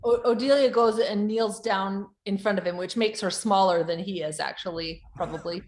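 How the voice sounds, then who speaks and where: A woman's voice: mid-range voice, moderate pace, a little mellow. A woman player in a tabletop game, talking casually and a bit hesitantly.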